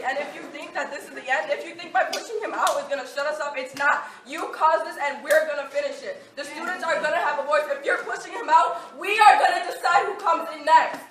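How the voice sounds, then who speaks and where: A teenage girl, a student, giving a heated public comment at a school meeting, defiant and laughing between words. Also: sits high. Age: teens. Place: crowded school meeting room. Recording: echoey room, distant mic, crowd noise.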